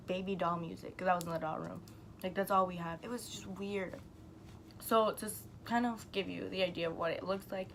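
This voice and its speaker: A woman's voice: mid-range voice, low-quality recording. Young woman vlogger, rambling storyteller, mid-range voice, faint hiss behind. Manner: chatty and rambling, heavy use of "like", swears casually. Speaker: YouTuber telling a story. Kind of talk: casual storytime vlog.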